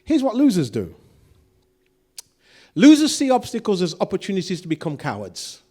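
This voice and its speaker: Lively, animated male preacher. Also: sits high, moderate pace, husky. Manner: animated preaching, acts out quoted voices, asks the congregation questions. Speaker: pastor. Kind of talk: sermon.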